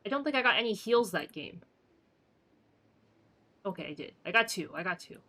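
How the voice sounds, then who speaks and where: A woman's voice: mid-range voice, lively intonation, moderate pace, bright, forceful tone. A woman in her twenties, a streamer chatting casually with her live chat, talking about herself and greeting viewers.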